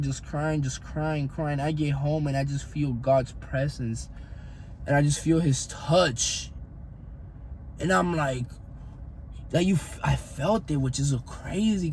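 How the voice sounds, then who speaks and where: A young man with a high voice tells a personal faith testimony, slowly and earnestly. He circles back and repeats phrases as the story tumbles out. A faint hiss sits under his voice. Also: darkish tone. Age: young adult. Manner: earnest, repetitive, rambling storytelling. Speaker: fitness coach vlogger.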